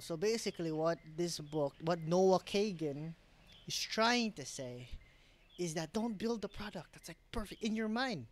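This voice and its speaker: Young male vlogger, slightly high voice, rambling and self-correcting, at his home desk. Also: animated, unhurried. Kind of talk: rambling casual vlog. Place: home desk setup, indoors.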